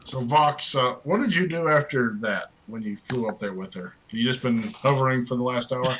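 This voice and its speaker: A man's voice: mid-range voice, moderate pace, fairly bright tone, slight background noise, low-quality recording. A man narrating as dungeon master, casual and easygoing. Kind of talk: narrating a tabletop game.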